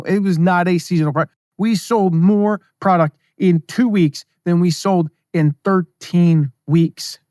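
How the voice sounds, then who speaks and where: A man hosting a solo business podcast, talking casually and reading his own emails aloud with quick asides. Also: high-pitched, dry recording, studio quality. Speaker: podcast host.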